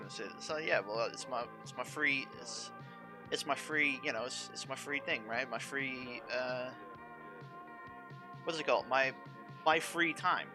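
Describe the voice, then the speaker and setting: A man's voice: medium pitch, a little slow, long pauses, music in the background. A young man streaming games at home, ranting to his chat in a restless, profane way and often trailing off to restart. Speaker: game streamer.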